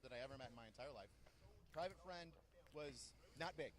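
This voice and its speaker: A man's voice: mid-range voice, fairly quick. A man who is a drill sergeant, telling stories in an interview and acting out the people he quotes. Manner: animated storyteller who acts out quotes loudly. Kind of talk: interview storytelling.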